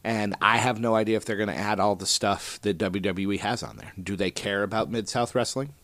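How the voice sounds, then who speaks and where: A man with a lowish voice talks through his solo podcast in a loose, rambling way, full of ums and false starts. The sound is dry and close, with no room around it. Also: fairly even intonation, brisk, fairly bright tone, no echo. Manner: rambling, self-deprecating, many fillers. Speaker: podcast host. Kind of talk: casual solo podcast chat.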